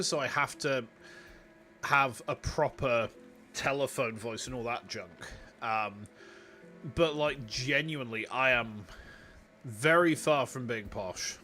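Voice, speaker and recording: A man's voice: medium pitch, sharp tone. A young man with a Yorkshire accent, chatting casually to his viewers as he plays a city-building game. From Yorkshire, England. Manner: chatty, rambling, talks to chat. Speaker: VTuber streamer. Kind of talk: casual live game commentary.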